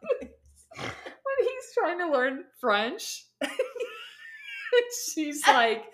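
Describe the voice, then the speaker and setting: A woman's voice: high-pitched, very animated, very slow, fairly bright tone. A woman hosting a podcast in a casual, chatty, giggly way, rambling between topics. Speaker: podcast host. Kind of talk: casual chat.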